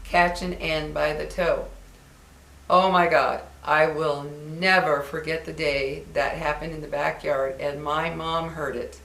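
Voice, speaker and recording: A woman's voice: deep voice, level tone, a little slow, creaky, a bit bright. Older woman vlogger, chatty storyteller, records in a roomy, echoey space. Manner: chatty and reminiscing, acts out quoted voices. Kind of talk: casual chat to viewers.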